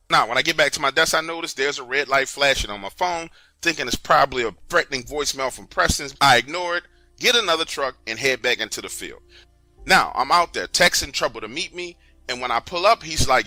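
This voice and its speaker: A man telling a first-person true story in a casual, slangy, animated way. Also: mid-range voice, brisk, no room sound, faint music behind.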